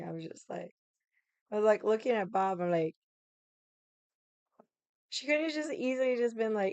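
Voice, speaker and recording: A woman streams from her room and tells a long story to her chat. She swears freely and leans on fillers as she talks, in a smooth, clear voice. The sound is close and dry, with no room around it. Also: mid-range voice, moderate pace, pauses often, a little mellow, no room sound. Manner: chatty, swears a lot, many fillers. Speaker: livestream host. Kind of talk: casual storytelling to a live chat. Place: home room.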